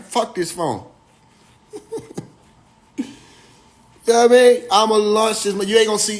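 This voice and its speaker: A man talking casually to his viewers on a phone livestream, excitable, laughing often and swearing freely. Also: fairly high pitch. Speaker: livestream host.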